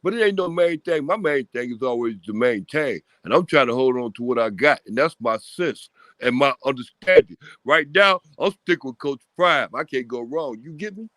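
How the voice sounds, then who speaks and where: Man, sports chat panelist, animated, slangy, dry close sound. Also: medium pitch, normal speed, no echo. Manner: animated, repeats "I'm telling you", street slang. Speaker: show panelist.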